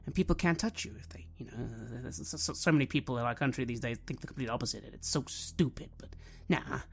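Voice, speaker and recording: A man's voice: medium pitch, quick pace, breathy edge. A man playing a brash, hot-tempered young party guy in a tabletop game, swearing and blustering. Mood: defiant. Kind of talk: in-character tabletop role-play.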